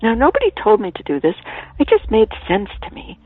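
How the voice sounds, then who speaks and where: A woman author telling stories as a guest on a radio interview, animated, at times dropping to a soft whisper, heard over a phone line. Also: on the high side, brisk, husky, dry recording. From Ireland. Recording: tinny phone line, dry.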